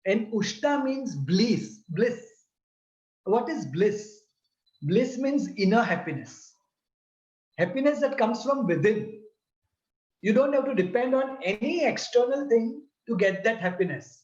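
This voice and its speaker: Male religious teacher, unhurried and deliberate, recorded in a roomy space with muffled sound. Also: very high-pitched, expressive. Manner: deliberate, repeats and spells out syllables. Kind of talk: slow explanatory lesson. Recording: roomy, slightly dull sound.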